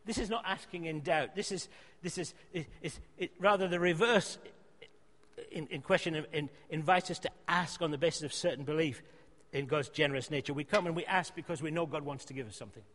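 A preacher delivers an earnest sermon, pressing his points hard and then easing into quieter appeals. His voice sits fairly high for a man. It rings through a hall with a long, lingering reverb. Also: brisk. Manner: earnest, emphatic, rising to loud exhortation then dropping soft.

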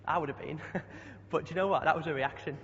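Chatty young preacher, higher voice. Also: male voice, quick pace, a bit bright, a little hiss or hum. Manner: chatty, asks the congregation questions. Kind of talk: sermon. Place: church hall. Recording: dull sound with long hall echo.

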